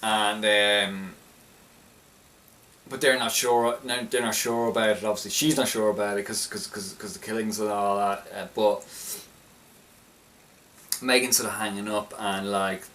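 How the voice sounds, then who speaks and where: A man's voice: lowish voice, fairly even intonation, unhurried, long pauses, a bit bright. A young man casually recapping a film he liked, rambling and often restarting his sentences with enthusiasm. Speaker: film reviewer. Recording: slightly distant mic, faint background noise.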